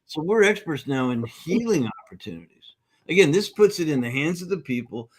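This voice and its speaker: A middle-aged man, a nutrition course founder, talking in a conversational interview at a conference event. He is an upbeat, animated storyteller who acts out the voices of the people in his stories. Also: a little high, a little fast, slight background noise.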